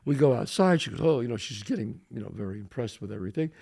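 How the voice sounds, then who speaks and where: An older man hosting a podcast tells a story in casual conversation, animatedly acting out everyone's lines and laughing a lot. His medium-pitched voice is fast and gravelly, with a breathy edge.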